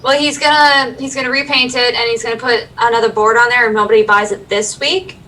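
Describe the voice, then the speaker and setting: Bright chatty woman, slightly distant mic. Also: a little high, fairly even intonation, a little hiss or hum. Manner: chatty, rambling, quick to laugh. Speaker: stream co-host. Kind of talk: casual chat on a livestream.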